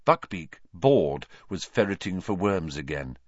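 A man's voice: sits low, very animated, unhurried, no room sound, lo-fi sound. A man narrating an audiobook, reading expressively and voicing the characters.

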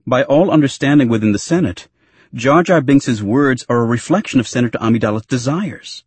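A man's voice: mid-range voice, expressive, a little fast, a little mellow, husky, no room sound. A man as an urgent earnest senator. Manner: urgent, reasoned pleading.

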